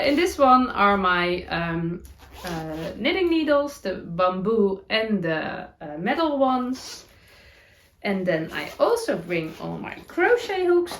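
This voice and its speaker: A woman with a Dutch accent, a native Dutch speaker, chatting casually as a knitting podcast host, with many fillers, pauses and giggles. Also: fairly high pitch, slight background noise. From Netherlands. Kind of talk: casual chat showing her knitting gear. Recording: roomy echo.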